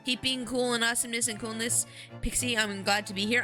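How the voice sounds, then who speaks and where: A woman's voice: a little high, steady tone, fast talker, pushed and bright. A woman chatting casually on a game stream, giggly and talkative, addressing her viewers. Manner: giggly, chatty, talks to chat and her pet. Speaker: streamer reading a visual-novel game aloud. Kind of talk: casual live-stream chat. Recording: game music behind the voice.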